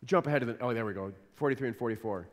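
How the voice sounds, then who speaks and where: A man's voice: medium pitch, rapid-fire, big-room sound. A man preaching a sermon as pastor, earnest and conversational, often repeating words as he explains.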